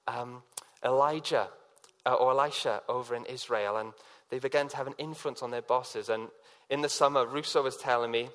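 A man's voice: medium pitch, a bit bright. A man preaching a sermon in a conversational way, telling personal stories and acting out quotes with many fillers.

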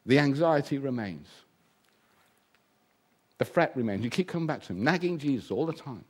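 A man preaching a sermon, lively and humorous, acting out the voices he quotes. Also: a little high, moderate pace.

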